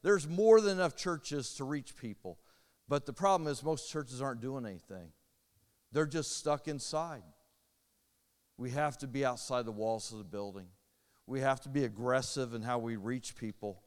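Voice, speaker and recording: A middle-aged man from Indiana delivers a sermon testimony with earnest urgency. His voice is smooth and clear at an ordinary pitch. It rings out with a long reverb, as in a large church hall. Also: normal speed. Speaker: preacher.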